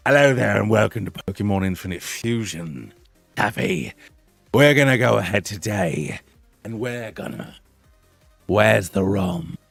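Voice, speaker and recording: A man putting on an overdone mock-Scottish pirate voice with a gravelly drawl, as a joke on his live stream. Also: fairly low pitch, lively intonation, measured pace, fairly bright tone, no room sound, faint music behind, full character voice. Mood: hammy. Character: hammy gruff male pirate, mock Scottish. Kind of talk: joking impression during a live stream.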